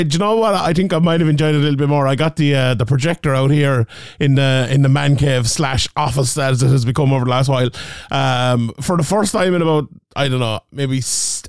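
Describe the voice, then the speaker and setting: A man's voice: a little high, smooth, no echo, studio quality. A young man hosting a podcast from his home office, reading ads and chatting in a jokey, rambling way that keeps correcting itself. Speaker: podcast host. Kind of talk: casual ad read and sports chat.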